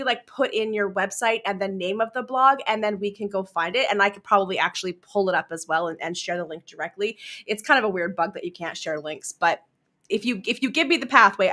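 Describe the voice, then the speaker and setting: A woman's voice: mid-range voice, pushed and bright. A woman hosting a casual livestream, chatty and giggly as she tells stories and answers viewers. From Canada. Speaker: livestream host.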